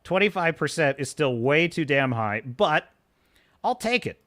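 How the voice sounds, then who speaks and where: A man's voice: a little high, expressive, unhurried, bright, forceful tone, no echo. A young man ranting scornfully during a live stream, often breaking into laughter as he reacts to reviews.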